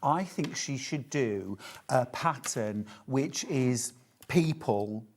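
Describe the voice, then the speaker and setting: A man's voice: medium pitch, animated, takes it slowly. A man in his fifties presenting a live TV shopping show, chatty and teasing as he sells. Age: 50s. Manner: jokey, teasing, upbeat selling.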